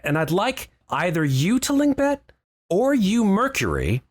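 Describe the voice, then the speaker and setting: Lively man narrating as game master. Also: sits high, measured pace. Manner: lively, descriptive storytelling with hesitations.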